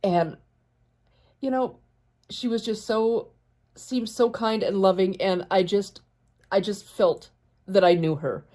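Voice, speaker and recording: A woman's voice: medium pitch, slow pace, long pauses, a little mellow. A woman chatting casually as she sews a quilt, rambling and talking to her cat, tearful at times. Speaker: quilting vlogger. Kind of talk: casual chat while sewing.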